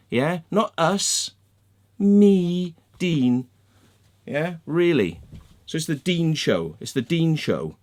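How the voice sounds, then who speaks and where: Male vlogger, heated sweary rant, lively up-and-down delivery, fairly high voice. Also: takes it slowly. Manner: sweary, heated, mocking, acts out quoted people. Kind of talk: angry rant to camera.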